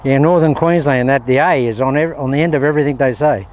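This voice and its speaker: An Australian man talks his viewers through golf shots at a windy outdoor range. His voice sits at an ordinary middle pitch, and his delivery is chatty and upbeat. He keeps addressing the audience as friends. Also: fast, few pauses, a little mellow. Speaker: golf instructor. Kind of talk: casual on-course golf instruction.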